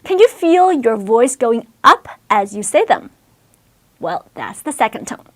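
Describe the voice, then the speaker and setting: A woman teacher clearly explaining pronunciation in a lesson clip. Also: a little high, sing-song, unhurried, fairly bright tone.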